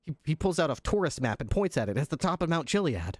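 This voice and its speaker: A man narrating a role-play scene as game master, halting and restarting as he describes the action. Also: fairly high pitch, sing-song, dry recording, studio quality.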